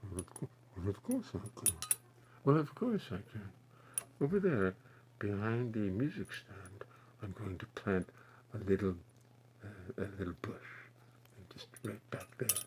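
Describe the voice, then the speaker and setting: A man putting on the soft, hushed voice of a gentle male TV painter, as a whispered role-play. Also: lowish voice, expressive, slight background noise, voice pushed down. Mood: soothing. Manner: hushed, slow and soothing.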